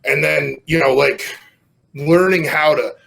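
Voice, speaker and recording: A middle-aged man, a strongman guest on a podcast, telling stories casually with lots of swearing and loud self-mocking outbursts. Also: a little high, steady tone, measured pace, creaky.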